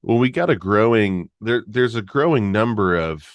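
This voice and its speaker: Deep voiced guy on a podcast, keeps restarting sentences, laughs a lot, dry mic. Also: lively intonation, dry recording. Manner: halting, restarts often, laughs easily. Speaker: podcast guest. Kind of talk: casual conversation.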